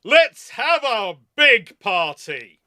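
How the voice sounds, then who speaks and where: A man voicing a jovial naval squadron commander in a hearty, booming way. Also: sing-song, extremely slow, sharp tone, no echo, studio quality, heavily acted.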